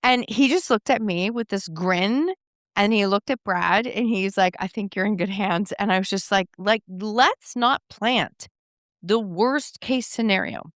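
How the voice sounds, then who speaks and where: A middle-aged Canadian woman hosting her own podcast, telling a personal story in a casual, animated way and acting out the dialogue. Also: medium pitch, normal speed, no echo, studio quality. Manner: conversational, animated, acts out quoted dialogue. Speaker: podcast host.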